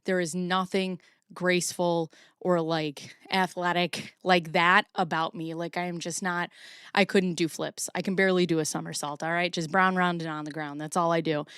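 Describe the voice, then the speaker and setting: A woman's voice: lowish voice, flat delivery, normal speed, a bit bright, clean tone, dry recording, studio quality. A woman in her forties hosting a casual livestream, chatty and rambling, a little out of breath. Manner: rambling, chatty, self-deprecating. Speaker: streamer host.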